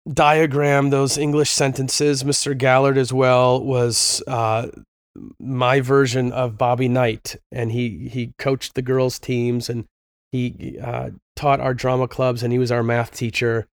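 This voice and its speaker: A man's voice: medium pitch, clear, resonant tone, dry recording, clean studio sound. A middle-aged man hosting a parenting talk, speaking earnestly and a bit preachily, telling stories with fillers. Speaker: podcast host. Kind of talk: conversational Christian parenting talk.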